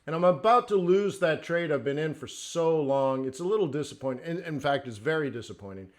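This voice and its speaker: A man hosting a live trading stream, talking off the cuff and swinging between near-shouted rants and quiet asides. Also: fairly high pitch, expressive, brisk. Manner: acts out traders' inner voices in quotes. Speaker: livestream host, forex trading coach.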